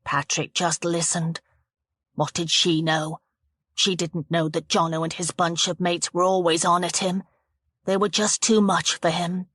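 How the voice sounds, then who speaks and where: A woman reading a thriller audiobook aloud in a steady, measured narration. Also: on the low side, no echo, studio quality. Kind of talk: scripted narration of a thriller novel.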